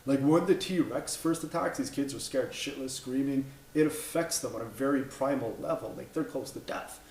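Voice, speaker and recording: A man in his thirties tears into a film in a blunt, exasperated rant, tripping over his words and swearing as he goes. His voice sits at an ordinary middle pitch, and the room around him rings with echo. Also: normal speed, darkish tone, slight background noise. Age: 30s. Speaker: movie reviewer. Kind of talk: opinionated movie review rant. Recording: echoey room.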